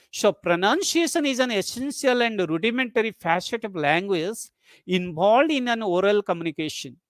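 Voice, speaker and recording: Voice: medium pitch, dry recording, studio quality. A lecturer giving an online webinar talk, explaining step by step, repeating points and posing rhetorical questions.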